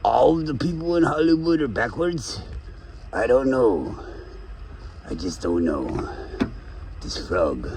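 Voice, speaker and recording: A man's voice: medium pitch, creaky, darkish tone, a little hiss or hum, low-quality recording. A man vlogging on a walk outdoors with his dogs, rambling and joking, breaking off to talk to his dog. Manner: rambling, jokey, talks to his dog mid-sentence. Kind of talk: rambling casual talk to camera.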